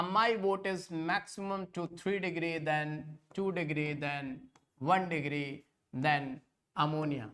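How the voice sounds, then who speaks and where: Slow, repetitive teacher. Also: male voice, sits high, fairly bright tone. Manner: repetitive, drills points, keeps calling the students kids. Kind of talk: online exam-prep lecture.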